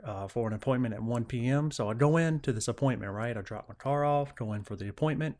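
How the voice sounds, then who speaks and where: Profane young man telling a story. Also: mid-range voice. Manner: profane, animated retelling with acted-out quotes. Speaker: podcast host. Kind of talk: casual storytelling monologue.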